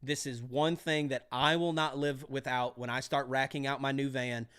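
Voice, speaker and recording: A man coaching electricians for their exam, energetic and pep-talking, repeating key phrases. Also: medium pitch, moderate pace, clean tone. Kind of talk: motivational trade lesson.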